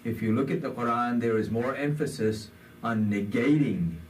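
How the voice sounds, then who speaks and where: A man's voice: medium pitch, normal speed, recorded from a distance, a little hiss or hum. A man giving a conversational sermon, with many fillers, in a community center hall. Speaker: imam.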